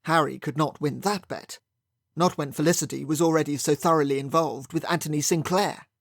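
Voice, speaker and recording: A man's voice: fairly high pitch, steady tone, brisk, vocal fry, no echo, clean studio sound. Wry male audiobook narrator. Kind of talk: first-person audiobook narration.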